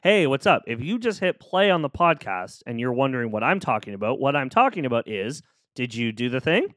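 A man's voice: medium pitch, expressive, brisk, fairly bright tone, dry recording, studio quality. A man hosting a solo podcast, talking casually and cheering the listener on in a playful, upbeat way. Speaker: podcast host. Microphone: close studio microphone.

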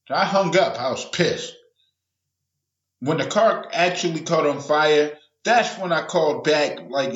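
Speaking at a normal speed in a somewhat bright, high-leaning voice, this solo podcast host rambles through a loose, foul-mouthed rant, wandering off course and mimicking the voices of people he quotes. The audio sounds dull and echoey.

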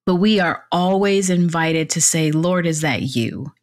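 Woman guest, fitness instructor and coach: low voice, casual, animated storyteller who laughs often. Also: measured pace. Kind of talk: casual conversational interview.

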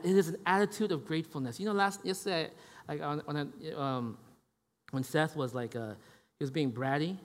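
A male pastor preaching a sermon in a conversational way, often checking in with the congregation. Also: fairly high pitch. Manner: conversational, frequent "right?" tags. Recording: long hall reverb.

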